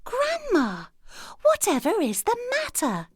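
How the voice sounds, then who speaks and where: A woman voicing a sweet, innocent young girl with a high, piping, earnest voice, in a children's storybook reading. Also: wildly swooping pitch, slow pace, dry recording, studio quality, exaggerated voice. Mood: wondering.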